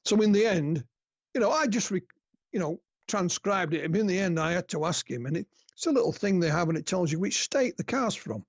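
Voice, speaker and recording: A man with a northern English accent tells his stories in a chatty, easygoing way, often chuckling at his own anecdotes. His voice is fairly high and husky. The sound is dry and dull, like lo-fi remote call audio. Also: lively intonation, fairly quick, no room sound. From north of England. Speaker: guest researcher. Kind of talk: casual podcast interview.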